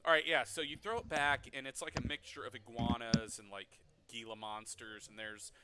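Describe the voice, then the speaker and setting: A man narrating a tabletop game as game master, playful and quick to laugh. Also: medium pitch, steady tone, very noisy.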